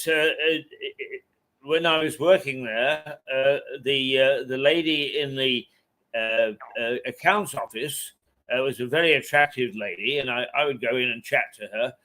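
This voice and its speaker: An older man reminiscing as an interview guest, halting often and chuckling between his memories. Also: medium pitch, bright, forceful tone. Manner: halting, with frequent hesitations and chuckles. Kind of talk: reminiscing anecdote in conversation.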